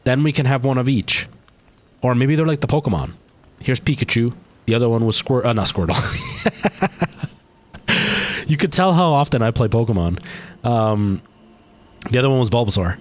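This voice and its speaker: A man's voice: mid-range voice, animated, normal speed, pauses often. A man, streaming a game live, chatting casually and rambling to his viewers, sounding tired. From Canada. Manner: rambling, chatty, talking to chat while playing. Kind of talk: casual gaming stream chat.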